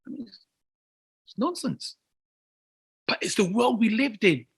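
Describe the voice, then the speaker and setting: A man, talking as an interview guest in excitable bursts, repeating words as he builds to near shouts. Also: high voice, slow pace, creaky, breathy edge. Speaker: guest athlete. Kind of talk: casual interview chat.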